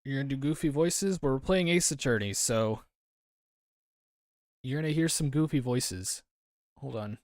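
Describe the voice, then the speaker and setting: A streamer with a medium-pitched voice chats casually on a livestream at normal speed with long pauses, rambling and answering his chat out loud. Background music plays under his voice in a dry, studio-quality recording.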